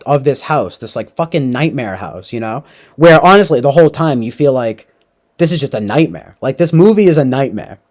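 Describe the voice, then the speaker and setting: A young man casually recapping a movie, rambling with lots of fillers. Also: on the high side. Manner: rambling, filler-heavy, animated. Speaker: podcast host.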